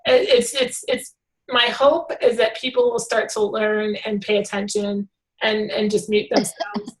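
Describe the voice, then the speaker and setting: Chatty, rambling woman with a raised pitch. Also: measured pace, rough recording. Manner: rambling, animated, many fillers. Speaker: hangout organizer. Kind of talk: casual group video call.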